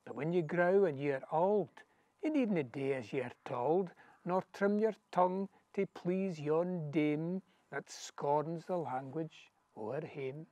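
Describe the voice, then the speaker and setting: A man's voice: on the high side, dark tone, no room sound. Scottish man reciting rhythmic verse. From Scotland. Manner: rhythmic, measured recitation in Scots dialect. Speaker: poetry reader. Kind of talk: poetry reading. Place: outdoors, back garden.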